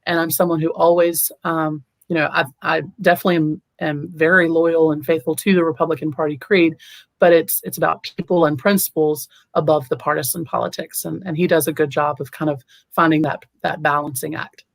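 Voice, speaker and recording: A woman's voice: low-pitched, flat delivery, fairly quick, creaky, no room sound. Earnest woman candidate, dry close sound. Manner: earnest, with frequent ums and restarts. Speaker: political candidate guest. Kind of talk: interview answers.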